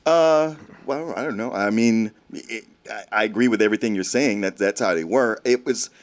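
A man's voice: lowish voice, normal speed. A man in a casual movie chat who talks in an easygoing, reflective way.

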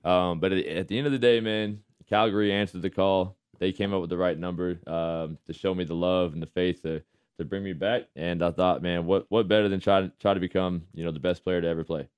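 On his studio sports radio show, this quarterback-turned-host talks fairly quickly in a low, steady, slightly mellow voice with clean, echo-free sound. Laughing through the casual chat, he addresses people as "man" and "brother."

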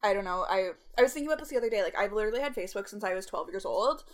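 A woman's voice: mid-range voice, expressive, very fast. A woman in her twenties co-hosting a podcast, chatting casually with many "like"s and laughs. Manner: chatty, heavy use of "like", frequent laughs. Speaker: podcast co-host. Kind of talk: casual chat.

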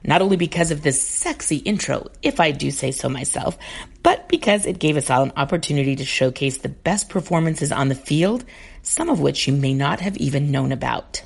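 A woman's voice: sits low, sing-song, fairly quick, vocal fry. A woman co-hosting a sports podcast, chatty and teasing, introducing guests and segments. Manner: chatty, teasing, says like often. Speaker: podcast co-host, interviewer. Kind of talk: casual podcast chat.

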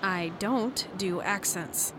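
A woman's voice: mid-range voice, slow pace, background noise, close to an everyday voice. A woman playing a sullen, sarcastic character who grumbles and snaps back.

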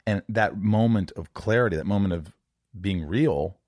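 A man's voice: lowish voice, normal speed, darkish tone, no echo, studio quality. A man hosting a podcast interview, talking frankly and confessionally, swearing casually and stumbling into restarts. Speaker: podcast host. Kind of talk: candid interview conversation.

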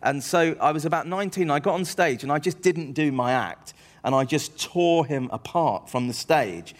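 A man's voice: on the high side, expressive, normal speed. A man, a comedian telling rambling, self-deprecating stories as an interview guest. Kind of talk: anecdotal interview chat.

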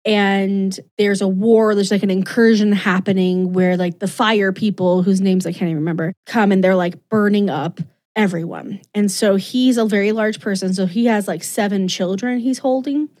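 A woman's voice: medium pitch, steady tone, moderate pace, darkish tone. A woman co-hosting a podcast, chatting casually and rambling animatedly with lots of asides. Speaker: podcast co-host. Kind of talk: casual chat recapping comics.

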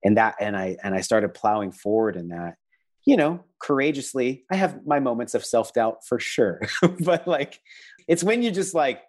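A man's voice: medium pitch, animated, moderate pace. A man, a visual artist and person of faith, talking in an earnest, reflective way as a guest, often hunting for words. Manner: earnest, reflective, searching for words with many likes. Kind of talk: casual conversational interview.

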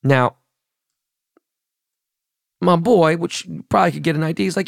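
A man's voice: fairly high pitch, normal speed, gravelly, long pauses, no room sound, clean studio sound. A middle-aged man hosting a podcast, ranting profanely and animatedly about football, acting out what players said. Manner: profane, animated, acts out quotes. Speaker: podcast host. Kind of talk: casual sports talk.

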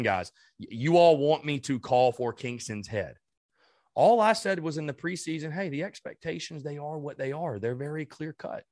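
A man hosting a sports podcast, furious and ranting, swearing and stammering as he vents, swinging between loud outbursts and low mutters. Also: dry recording. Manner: heated and ranting, swearing, with many stammered restarts. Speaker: podcast host. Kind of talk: sports fan rant.

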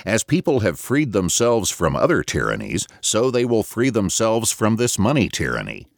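A man narrating an audiobook, voicing a shrill, anemic male agitator who shouts a rant against the banks. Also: huge pitch swings, normal speed, creaky, no room sound, clean studio sound, exaggerated voice. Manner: ranting, shouting.

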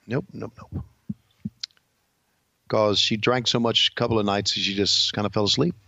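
A man's voice: fairly low pitch, steady tone, fast talker, sharp tone, no room sound. A man co-hosting a podcast in casual chat, telling stories in a laid-back, dry-humored way, on a dull lo-fi recording. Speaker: podcast co-host. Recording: dull lo-fi sound.

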